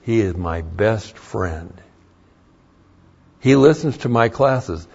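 An older male pastor delivers a sermon in a low, deliberate voice that drifts between homespun storytelling and rising emphasis. He takes his time with every phrase. The recording is dull and lo-fi. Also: animated, creaky, darkish tone, husky. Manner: folksy storytelling that rises into emphatic preaching.

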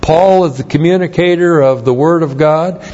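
A man's voice: on the high side, moderate pace, darkish tone, highs cut off. A man preaching verse by verse, explaining Greek grammar, spelling words out and repeating phrases for emphasis. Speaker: pastor. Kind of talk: verse-by-verse Bible teaching.

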